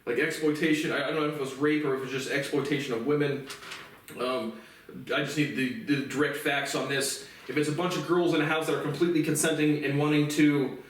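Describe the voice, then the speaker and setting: A man's voice: on the high side, fairly even intonation, fast talker, slight background noise. Profane ranting man in an echoey room. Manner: profane, bitter, repeats himself. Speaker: vlogger. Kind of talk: angry monologue rant. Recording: very echoey room, distant mic.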